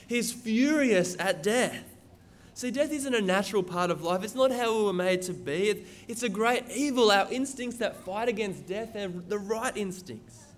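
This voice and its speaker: A man preaching a sermon, reading scripture aloud and explaining it in an earnest, emphatic way. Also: high voice. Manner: earnest, emphatic, repeats words when stressing.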